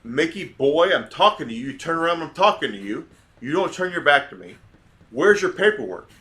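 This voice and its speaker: A stern middle-aged father scolds a teenager in a commanding tone, as a man retells it. The voice rises in pitch and volume and stays bright and forceful. It sounds close to the man's own voice. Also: very animated, brisk. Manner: commanding, raised voice.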